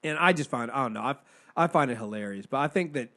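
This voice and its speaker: A man co-hosting a casual movie review chat, excitable, swearing freely and restarting sentences. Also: mid-range voice, fast. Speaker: podcast co-host reviewing films.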